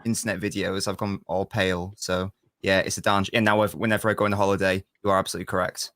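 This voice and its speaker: Casting: quick-talking, self-deprecating male panelist, low but bright voice. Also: flat delivery, no room sound, clean studio sound. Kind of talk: casual panel chat.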